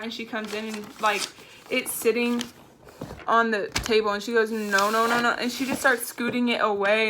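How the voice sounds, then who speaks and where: A young woman telling a storytime vlog in a chatty, animated way, full of "like". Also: medium pitch, a little hiss or hum. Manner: chatty and animated, heavy use of "like". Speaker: vlogger.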